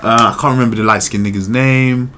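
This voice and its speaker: A man co-hosting a podcast, chatting casually in an animated, slangy way and swearing freely. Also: medium pitch, a little fast, slight background noise. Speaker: podcast co-host. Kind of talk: casual chat.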